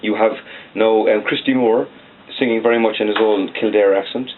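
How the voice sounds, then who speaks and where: A man's voice: fairly low pitch, steady tone, moderate pace, phone-quality sound, slight background noise. A man in his forties with a Cork accent, a singer-songwriter chatting at length in an interview and ending phrases with "like". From Cork, Ireland. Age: 40s. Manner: rambling, peppers speech with "like". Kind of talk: casual interview chat. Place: back office of a record shop.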